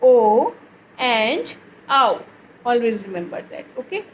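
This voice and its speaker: A woman teacher leading a phonics lesson for young children, reading words aloud slowly in a sing-song way. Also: high-pitched, expressive, slight background noise, poor audio. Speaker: English teacher.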